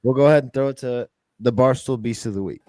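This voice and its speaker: A man hosting a podcast in relaxed, profane banter, steering the talk from one segment to the next. His voice sits in a middle range and sounds dry and close, with no room echo around it. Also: mid-range voice, fast talker. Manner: loose, profane, runs the segments. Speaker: podcast host.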